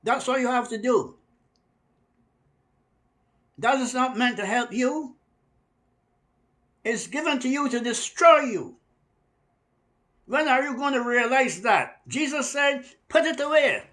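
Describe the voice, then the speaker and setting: High-voiced man preaching fierily. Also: a bit bright. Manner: emphatic, stretches key words slowly. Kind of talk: fiery preaching monologue.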